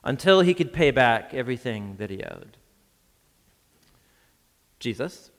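A man preaching a sermon as a pastor, lively and chuckling, acting out the voices in the scripture reading. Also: mid-range voice, unhurried, gravelly, pauses often, big-room sound. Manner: lively, reads scripture with acted voices, laughs often.

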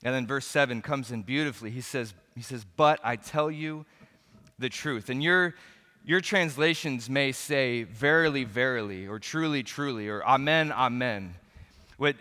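A man preaching a sermon with a bright, forceful voice. He is earnest and emphatic, often restarting phrases as he presses a point. His voice rings out with the long reverb of a hall. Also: medium pitch, lively intonation, normal speed. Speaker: pastor.

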